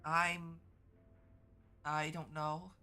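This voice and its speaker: Teary, congested woman streamer, bright voice. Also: low voice, little pitch movement, soft background music. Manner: halting, stumbling over words. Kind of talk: casual live-stream chat.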